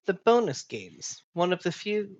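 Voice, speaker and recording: A man commentating on a live stream with quick, joking quips. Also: high-pitched, very animated, darkish tone, highs cut off. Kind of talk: casual chat.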